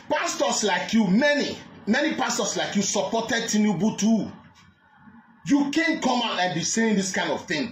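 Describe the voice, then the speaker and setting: Male commentator, fiery and repetitive, high animated pitch, echoey room. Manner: fiery, repetitive, shouts at times. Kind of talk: heated opinion monologue. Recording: roomy echo.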